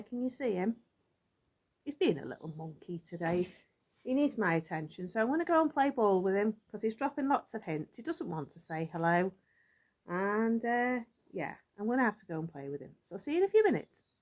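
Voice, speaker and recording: A woman's voice: mid-range voice, big pitch swings, moderate pace, a little mellow, slight background noise. A woman chatting casually to her vlog audience, rambling and thinking aloud as she goes. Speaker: vlogger. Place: outdoors in a yard.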